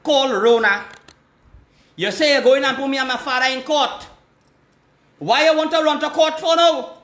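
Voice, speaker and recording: A man's voice: very high voice, normal speed, a bit bright, echoey room. A man, hosting a live call-in stream, talking in an agitated, repetitive way. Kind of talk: casual live call-in chat.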